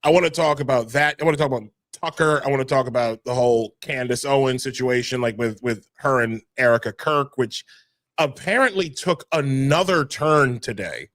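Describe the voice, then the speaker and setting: A podcast host talking casually, tripping over his words and restarting his sentences. He is a man with a middle-pitched voice. The recording is dry and close. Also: moderate pace, a bit bright, dry recording.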